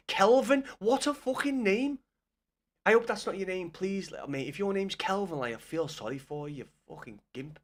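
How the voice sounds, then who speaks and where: A young man talks to his viewers on a gaming livestream, his voice sitting a little high for a man. He fires back at his chat with blunt, sweary banter, loose and unscripted. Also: fairly bright tone.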